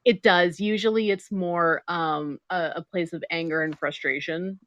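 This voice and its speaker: A middle-aged woman guest telling stories in a casual interview, animated and laughing often. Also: fairly low pitch, unhurried, dry recording, muffled recording. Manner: animated storytelling, laughs a lot.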